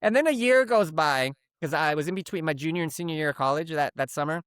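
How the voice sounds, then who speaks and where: A man co-hosting a comedy podcast, telling a long story in an animated, rambling, profane way. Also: fairly high pitch, fast, clean tone, dry recording, studio quality. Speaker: podcast co-host.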